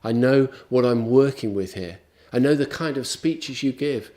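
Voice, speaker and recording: A preacher speaking as patient almighty God. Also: male voice, medium pitch, moderate pace, mellow, lightly acted. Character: God, patient all-powerful king, male. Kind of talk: sermon storytelling.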